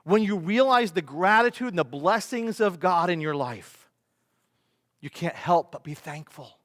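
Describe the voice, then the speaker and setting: A man, a pastor, preaching a sermon with emphatic delivery, rhetorical questions and swings between loud and soft. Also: high-pitched, expressive, measured pace. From United States. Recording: long reverb of a large hall.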